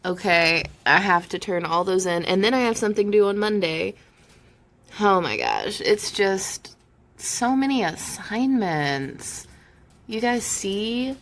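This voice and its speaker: A woman's voice: mid-range voice, very animated, slow pace. Giggly young mother doing baby talk. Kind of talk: casual home vlog, talking to her baby and viewers.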